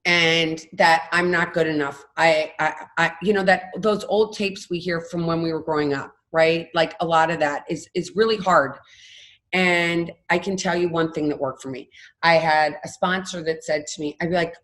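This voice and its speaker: A woman's voice: lowish voice, normal speed, fairly bright tone. A woman in her fifties, a podcast guest, telling her story candidly and with animation. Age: 50s. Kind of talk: casual interview talk.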